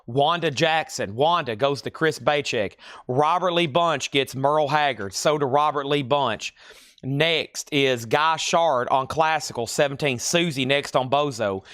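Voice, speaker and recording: A man with a rural American country accent, hosting a live-stream record sale and calling out titles and prices in brisk patter with dry, joking asides. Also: mid-range voice, fairly bright tone, dry recording. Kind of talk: live auction sales patter.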